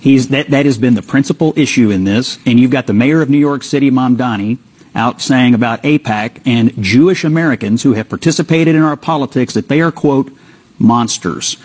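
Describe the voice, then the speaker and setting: Husky man arguing hotly. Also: medium pitch, a little fast, rough recording. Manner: forceful, indignant argument. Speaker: guest commentator. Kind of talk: political commentary.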